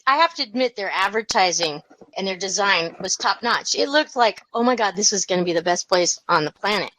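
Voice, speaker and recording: A woman's voice: medium pitch, animated, a little fast, sharp tone, low-quality recording. A woman in her fifties from the US Pacific Northwest, a podcast guest telling stories in a blunt, outspoken way and swearing freely. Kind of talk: casual storytelling chat.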